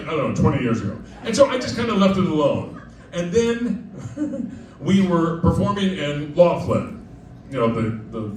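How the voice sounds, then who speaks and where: A man performing live comic storytelling at a club, chatty and digressive, often laughing as he talks. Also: on the high side. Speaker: cabaret performer. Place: club stage with diners. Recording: echoey live room, distant mic, crowd noise.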